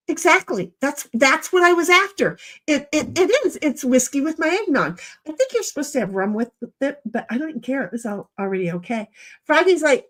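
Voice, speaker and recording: A woman's voice: high voice, fairly quick. A middle-aged woman hosting a casual livestream, telling rambling stories and checking in with her listener. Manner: chatty, rambling, animated, checks in with "okay?". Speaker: livestream host. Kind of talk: casual storytelling chat.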